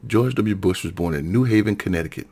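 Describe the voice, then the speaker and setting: A man's voice: deep voice, fast talker, a little mellow. A middle-aged man from Alabama giving a heated solo rant, often repeating and correcting himself. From Alabama, USA. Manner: heated, repetitive, self-correcting. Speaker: political commentator.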